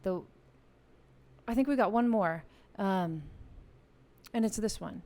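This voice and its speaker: A woman's voice: medium pitch, slow pace. Playful, chatty woman hosting a live online game, talking straight to viewers on a studio mic. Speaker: music channel host running a live game. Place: home music room with a piano. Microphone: studio vocal mic.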